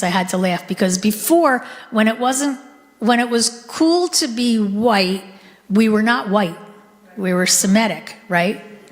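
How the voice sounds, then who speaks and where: A middle-aged woman giving a conversational talk to a live audience, asking them questions as she goes. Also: mid-range voice. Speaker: guest speaker. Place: synagogue hall. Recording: long hall reverb from a live room.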